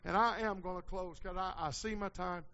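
High, bright preacher man. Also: steady tone, normal speed, highs cut off, slight background noise. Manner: preaching with folksy asides and sudden hollered peaks. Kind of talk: sermon.

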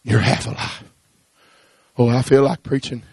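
A man preaching a sermon, swinging from hushed pleading to rising, shouted cadences. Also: medium pitch, steady tone, measured pace, gravelly, husky, dry recording.

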